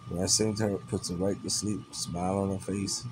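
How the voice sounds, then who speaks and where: In a deep voice with flat delivery, a middle-aged man talks a little fast for a casual vlog. His rambling is packed with fillers and repeated words, recorded in an echoey room with faint noise.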